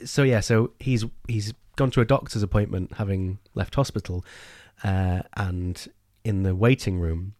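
A man's voice: lowish voice, measured pace, hardly any pauses, a little mellow, no echo, clean studio sound. A man co-hosting a casual book discussion, who talks with enthusiasm and often restarts his sentences. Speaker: podcast co-host.

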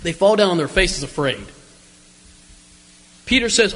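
A man's voice: a little high, sing-song, normal speed, long pauses, bright, forceful tone. A man preaching a conversational sermon in a church, joking with the congregation and asking them questions. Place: church sanctuary. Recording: long church reverb.

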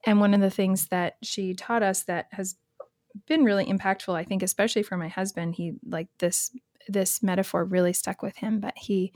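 A woman podcast host who listens with warm affirmations and talks in halting, restarting phrases. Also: medium pitch, fairly even intonation, no room sound, studio quality. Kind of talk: casual podcast conversation.

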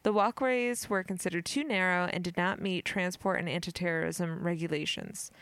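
A woman's voice: fairly low pitch, moderate pace, a bit bright, clear, resonant tone, no echo. Giggly woman reading aloud, dry sound. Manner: giggly, stumbles on words while reading. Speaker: podcast host. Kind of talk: casual chat, reading an article aloud.

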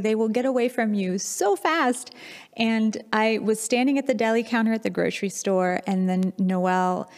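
Woman preaching in a reverberant hall. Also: on the high side. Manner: candid, reflective storytelling. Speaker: pastor. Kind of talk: sermon with personal storytelling.

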